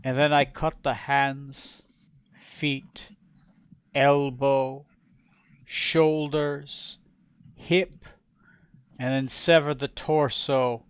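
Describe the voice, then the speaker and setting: A man voicing a ruthless, self-made male pirate king who speaks slowly and with menace. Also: mid-range voice, little pitch movement, smooth, no echo, muffled recording. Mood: menacing.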